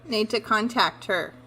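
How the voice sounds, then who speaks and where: Slow-talking lisping woman. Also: medium pitch, pushed and bright. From California. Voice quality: lisping from new braces. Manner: giggly, easygoing. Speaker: guest. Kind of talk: casual group chat on a live stream. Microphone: video call.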